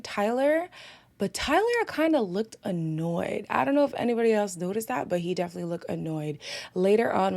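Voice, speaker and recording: A woman hosting a reality TV review channel, hoarse and raspy as her voice comes back, chatting casually and giving blunt opinions. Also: mid-range voice, a little mellow. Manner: chatty, opinionated, laughs often. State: hoarse, voice recovering. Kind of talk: casual recap commentary.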